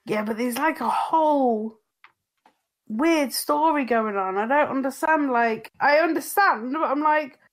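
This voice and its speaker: A woman's voice: high-pitched, measured pace. A woman co-hosting a podcast over a call, chatting casually and easygoing. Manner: easygoing, laughing often. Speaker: podcast co-host. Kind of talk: casual chat. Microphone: remote call mic.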